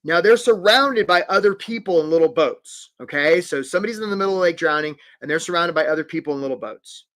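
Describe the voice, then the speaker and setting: A man's voice: on the high side, fast, few pauses, fairly bright tone. A man coaching job seekers in a live webinar, upbeat and encouraging, calling out viewers by name.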